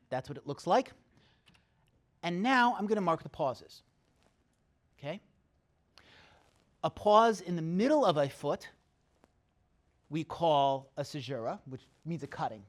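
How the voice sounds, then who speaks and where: Male lecturer, higher-pitched, lively, explains step by step and checks in with the room. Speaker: classics lecturer. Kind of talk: university lecture.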